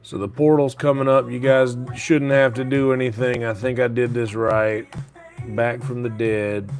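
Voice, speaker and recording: A man's voice: mid-range voice, level tone, moderate pace, soft background music. A man streaming live from his home kitchen late at night, chatting casually and keeping his voice down so he won't wake his sleeping roommates. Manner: talks quietly so as not to wake sleeping roommates; casual and rambling, with fillers.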